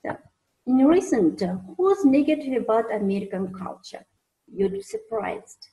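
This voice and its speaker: A woman's voice: a little high, big pitch swings, measured pace, mellow, highs cut off. A woman teaching an English lesson, hesitant, with many fillers and restarts. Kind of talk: recorded online lesson.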